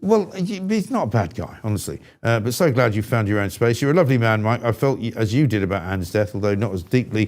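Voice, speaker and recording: A man's voice: fairly low pitch, darkish tone. A man hosting a live talk show, speaking bluntly and with exasperation, in an irascible style. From England. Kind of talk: opinionated live show chat.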